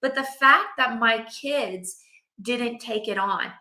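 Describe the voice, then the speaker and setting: A middle-aged woman telling a personal story to camera, animated and acting out her own quotes. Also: a little high, slow pace, roomy sound. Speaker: vlogger, mother.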